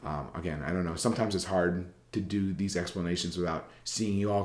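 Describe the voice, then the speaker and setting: A man's voice: low voice, roomy sound. A man teaching a journalism writing class in a recorded lecture, talking casually and rambling, with many fillers and restarts.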